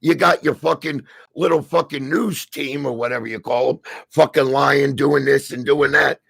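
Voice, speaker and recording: A middle-aged man with a New Jersey accent, delivering a heated, profanity-filled rant on a stream, stammering and shouting as he goes. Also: mid-range voice, fairly even intonation, moderate pace, gravelly, slightly rough, no echo. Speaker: stream co-host. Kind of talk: angry ranting commentary.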